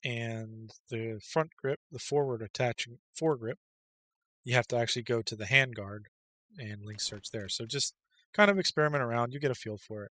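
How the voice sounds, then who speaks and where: A man's voice: mid-range voice, moderate pace, bright, forceful tone. A man giving a casual, rambling video game tutorial voice-over, full of ums and uhs. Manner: rambling, filler-heavy, with many ums and uhs. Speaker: game guide creator.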